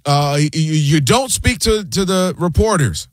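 A man with a fairly high voice talks sports on a show, animated and opinionated, building his argument in a loose conversational way. The sound is dry and close, with no room behind him. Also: no echo. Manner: animated and opinionated, slips into quick impressions of fans and players. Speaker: sports talk host. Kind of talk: casual sports commentary.

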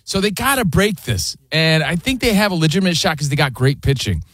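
A man's voice: fairly high pitch, lively intonation, a little fast, fairly bright tone, dry recording, clean studio sound. A man in his forties co-hosting a sports radio show, upbeat and jokey as he steers the talk. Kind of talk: casual radio banter. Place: radio studio. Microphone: studio mic.

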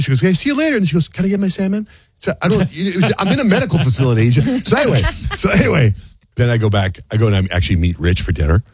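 A man hosting a radio morning show in a studio, telling a story in a lively, animated way and acting out other people's voices. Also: slightly rough, dry recording. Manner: animated storyteller, acts out voices in high pitch. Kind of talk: casual radio chat, storytelling. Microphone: studio microphone.

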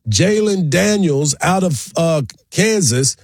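A man's voice: high voice, lively intonation, slow pace, slightly rough, no echo. A man hosting a morning sports radio show, running through promos and team stats in an upbeat way into a studio mic. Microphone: studio microphone.

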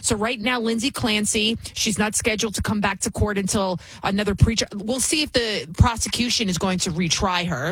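A middle-aged woman hosts a talk show with a husky, slightly breathy voice. She delivers indignant, emphatic commentary and leans on repeated words. The sound is dry and close. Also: medium pitch, no echo, low-quality recording. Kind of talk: opinionated commentary.

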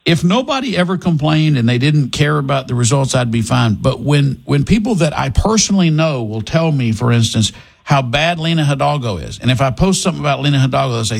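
A man with a medium-pitched, gravelly voice talks briskly as he hosts a talk radio show. He chats casually and lively, correcting himself and restarting his sentences often.

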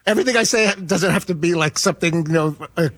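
Fast-talking higher-voiced man. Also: fairly bright tone, dry recording. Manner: quick, rambling, questioning. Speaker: show regular. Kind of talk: casual studio banter.

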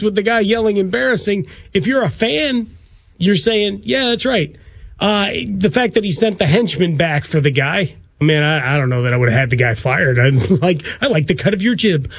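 A man's voice: high-pitched, dry recording. A man co-hosting a sports talk radio show, musing in a loose, conversational way.

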